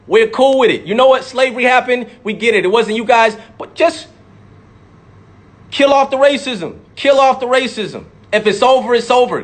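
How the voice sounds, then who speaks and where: High-voiced man ranting with profanity. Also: a bit bright. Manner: profane, repetitive, emphatic; mocks imagined critics in sudden voices. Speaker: rapper speaking out. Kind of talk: impassioned monologue.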